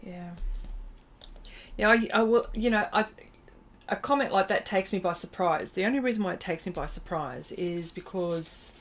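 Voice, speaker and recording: A woman's voice: mid-range voice, normal speed. A middle-aged woman, hosting an art livestream and chatting casually with viewers as she draws, reading their comments aloud in a self-deprecating way. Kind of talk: casual chat while drawing.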